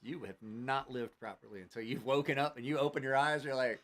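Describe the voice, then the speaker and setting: A man's voice: medium pitch, fairly even intonation, a little fast, fairly bright tone. A man hosting a casual live stream and telling rowdy, profane stories, acting out everyone's lines. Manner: rowdy storyteller, swearing, acting out quotes. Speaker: host.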